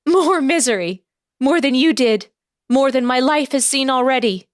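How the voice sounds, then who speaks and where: A woman voicing an indignant young woman on her wedding day who speaks in a proper, sharp way and rises to shouting. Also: sits high, moderate pace, no echo, studio quality, voice pushed up, lightly acted. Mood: bitter.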